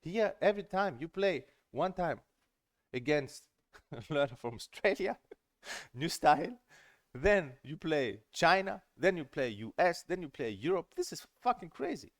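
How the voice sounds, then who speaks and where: A middle-aged man coaching on a stream in a casual, earnest and emphatic way, often repeating words when he gets excited. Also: on the high side, a little slow, no room sound, studio quality. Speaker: table tennis coach and streamer.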